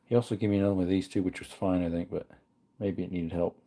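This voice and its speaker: A man's voice: low-pitched, steady tone, fast, dark tone. A man casually chatting on a livestream, reading comments aloud while tinkering with parts. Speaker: livestream host.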